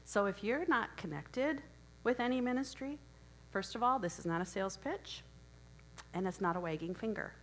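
A middle-aged woman preaching a sermon in a church, hoarse and losing her voice, earnest and encouraging, often clearing her throat. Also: mid-range voice, normal speed, rough recording. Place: church sanctuary.

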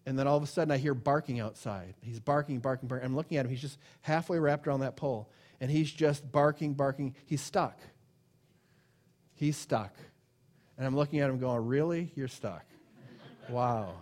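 A man's voice: mid-range voice, steady tone, fairly quick, a little mellow. A man giving an informal sermon and telling a personal story. He acts out quoted voices, repeats phrases and often restarts his sentences. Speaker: preacher.

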